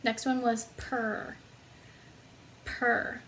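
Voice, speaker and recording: A woman's voice: fairly high pitch, level tone, measured pace, a little hiss or hum, low-quality recording. A woman teaching a phonics lesson to young children, patiently sounding out letters and syllables one at a time and praising the listener. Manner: patient and encouraging.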